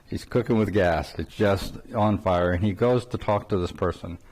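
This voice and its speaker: A man's voice: low voice, moderate pace, a little mellow. Older man telling a spiritual story. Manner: chuckles often, rambling with restarts. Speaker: spiritual teacher. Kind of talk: informal spiritual talk with storytelling.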